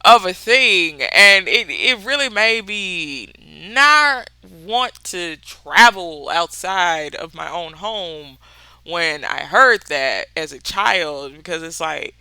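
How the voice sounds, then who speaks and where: A Southern-accented podcast host chats on their own, blunt and full of curse words, breaking into laughs. The voice is very bright and cuts through, with a lot of pitch movement. It sounds close and dry, with no room sound. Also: expressive, slow pace, clear, resonant tone, no room sound. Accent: Southern US (Mississippi). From Mississippi, USA. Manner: candid, profane, laughs often. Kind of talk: casual solo podcast chat.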